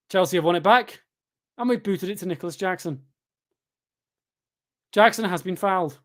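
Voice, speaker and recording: A man's voice: high voice, moderate pace, pauses often. A young man hosting a live football watchalong, sarcastic and exasperated, doing mock commentary. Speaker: fan channel host.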